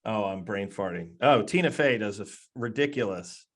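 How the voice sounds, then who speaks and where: A man's voice: lowish voice, expressive, moderate pace. A man from the Philadelphia area, a guest on a casual interview over a video call, friendly and upbeat with hesitant restarts. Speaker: guest from a hiring platform. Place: West Coast.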